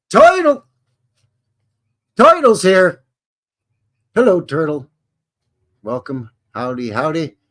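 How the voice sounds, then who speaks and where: In a casual live stream, a Canadian-accented man from Alberta rambles folksily and welcomes viewers by name. His voice sits in the middle range and sounds a little rough.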